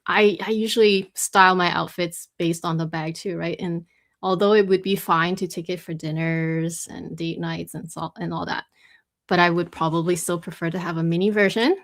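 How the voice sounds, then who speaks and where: A woman hosting a live talk show, talking with a slightly low pitch. She rambles in a chatty way, full of fillers and restarts. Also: steady tone, normal speed. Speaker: host.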